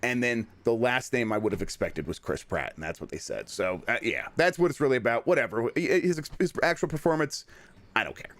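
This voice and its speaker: A man chatting casually as a podcast co-host, his voice at a middling pitch. He talks in a wry, rambling way and often sinks into low mutters. The sound is dry and close, with no room in it. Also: expressive, a little fast, a bit bright, no room sound. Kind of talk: casual chat.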